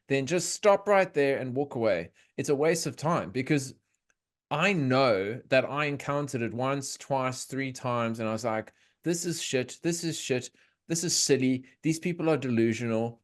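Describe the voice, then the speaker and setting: Man, podcast host, excitable, lively pitch, video call. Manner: animated, enthusiastic, swearing. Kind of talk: casual podcast chat.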